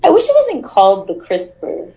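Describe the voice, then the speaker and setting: A woman's voice: medium pitch, wildly swooping pitch, normal speed, a crowd in the background. A woman co-hosting a casual chat, playful and teasing, with dramatic reactions. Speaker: podcast co-host. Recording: dull lo-fi sound.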